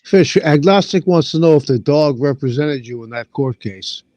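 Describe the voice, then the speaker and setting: A man's voice: a little high, expressive, normal speed, darkish tone, no room sound. Stammering, prodding male host. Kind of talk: casual podcast chat.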